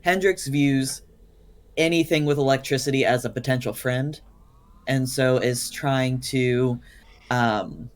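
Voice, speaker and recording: A woman playing a tabletop game, playful and talking slowly as she thinks aloud. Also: rumbling low. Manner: playful, slow and thoughtful. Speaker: player. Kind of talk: casual tabletop play.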